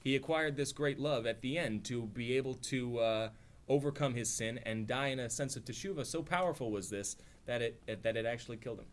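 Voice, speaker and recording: A man's voice: mid-range voice, fairly quick. A man teaching an informal religious study class, talking conversationally, acting out quotes with a lifted voice and often checking in with "right?". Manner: conversational, acts out quotes with rising voice, frequent "right?".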